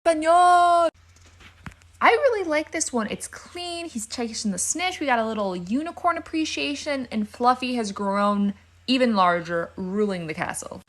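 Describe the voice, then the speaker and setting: A woman's voice: fairly high pitch, animated, a bit bright. A young woman giving playful, casual reaction commentary as a video creator. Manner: chatty and playful, quick asides.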